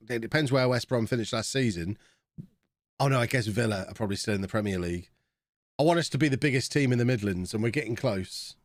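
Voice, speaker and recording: A man's voice: mid-range voice, no room sound, clean studio sound. A man in his thirties, chatting casually with viewers while reacting to a live game stream.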